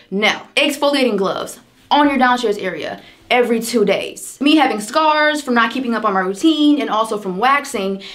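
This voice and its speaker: A woman's voice: on the high side, a bit bright. Chatty young American woman vlogging. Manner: chatty, sisterly, slangy, addresses viewers as girl. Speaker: beauty vlogger. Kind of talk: casual chat to camera.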